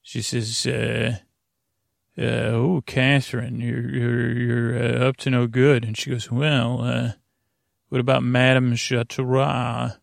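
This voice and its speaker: A man's voice: medium pitch, completely flat delivery, creaky, no echo, clean studio sound. A man recapping an episode in a casual, rambling way, full of fillers and restarts. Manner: halting, lots of "uh" fillers and restarts; quotes characters in a plain voice. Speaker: podcast host recapping an episode.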